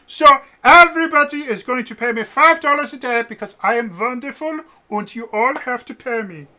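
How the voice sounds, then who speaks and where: A man voicing a self-important, greedy lawmaker in a high, blustering put-on voice. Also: moderate pace, full character voice. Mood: pompous. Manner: pompous, high and loud.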